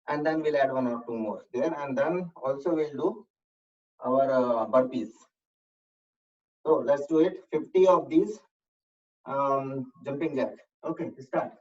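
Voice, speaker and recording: A fitness instructor guiding a workout at an unhurried pace, counting reps aloud and coaching calmly. The voice sits a little back from the microphone, and the recording sounds somewhat dull and muffled. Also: mid-range voice. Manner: calm, measured coaching with breathing reminders. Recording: distant, slightly dull room recording.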